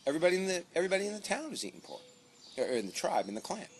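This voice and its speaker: Profane ranting man, lively pitch. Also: racing, a little hiss or hum. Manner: swears constantly, sarcastic and heated. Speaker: author commenting on his book. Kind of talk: profane comic rant.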